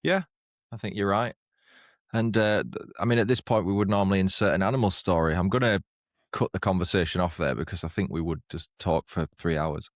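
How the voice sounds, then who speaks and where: A man's voice: deep voice, brisk, no room sound, clean studio sound. A man co-hosting a podcast in casual chat, who often laughs at his own jokes. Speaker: podcast co-host. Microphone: lapel mic on walks, studio mic here.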